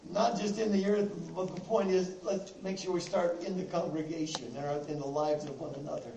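Man, preacher, very high voice, gravelly edge, sermon, repeats phrases for emphasis. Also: fairly even intonation, brisk, warm tone, slight background noise. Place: church sanctuary with congregation. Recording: echoey, distant room mic.

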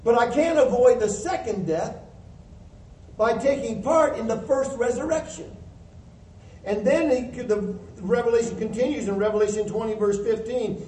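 A man's voice: extremely high pitch, normal speed, mellow. A man preaching a sermon in a church, explaining scripture in a plain, teaching way and acting out the voices he quotes. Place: church hall. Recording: echoey hall from a distance, faint hiss.

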